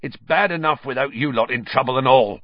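A man voicing a huge, gruff, kindly male groundskeeper in an audiobook, low, rough and urgent. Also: a little fast, dry recording, muffled recording, lightly acted.

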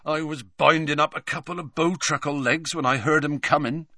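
A man voicing a huge, hairy gamekeeper with rough, folksy speech in a storybook reading. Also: medium pitch, wildly swooping pitch, normal speed, pushed and bright, dry recording, studio quality, pitched above the performer's own voice, full character voice. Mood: sad. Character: huge hairy male gamekeeper, gruff and kindly.

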